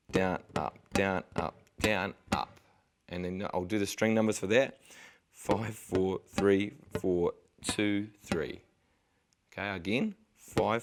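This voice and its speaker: A man's voice: low-pitched, slight background noise. A man teaching a guitar lesson, patiently counting strokes step by step and encouraging the viewer. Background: guitar playing.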